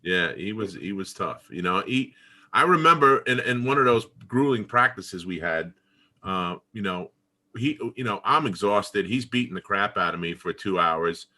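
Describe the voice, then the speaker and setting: Bright-voiced man telling stories. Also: on the low side, normal speed. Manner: animated storytelling, acting out quotes. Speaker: podcast co-host, former player. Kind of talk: casual video-call interview. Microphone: video call.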